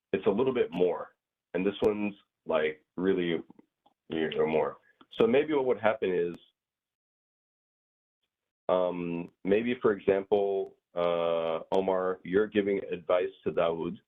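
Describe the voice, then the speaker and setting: Deep husky male teacher, tinny line. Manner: rambling, filler-heavy, acts out little scenes. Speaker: Arabic grammar teacher. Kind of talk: casual online class explanation. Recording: tinny phone-like audio.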